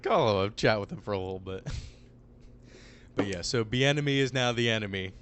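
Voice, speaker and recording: A man's voice: on the low side, brisk, a bit bright, slight background noise. A young man co-hosting a casual sports podcast, easygoing and agreeable. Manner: easygoing, agreeable, laughs often. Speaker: podcast co-host.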